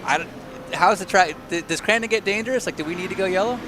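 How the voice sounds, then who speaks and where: A man hosting a live sim race broadcast, calmly talking through procedure. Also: high-pitched, fast talker. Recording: noisy stream audio.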